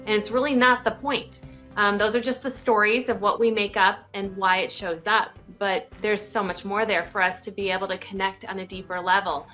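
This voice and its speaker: A woman's voice: medium pitch, pushed and bright, dull audio. A woman who is a relationship advocate, talking earnestly in a casual conversation and explaining in loose, reflective phrases.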